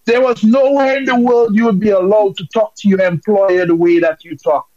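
A man's voice: sits high, steady tone, normal speed, darkish tone, no room sound, highs cut off. A man from Dominica calling in with impassioned, emphatic political commentary.

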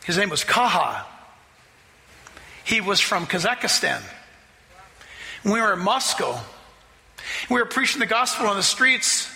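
A man preaching a sermon as pastor, telling a story in an animated way and acting out the people he quotes. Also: sits high, big-room sound. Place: church.

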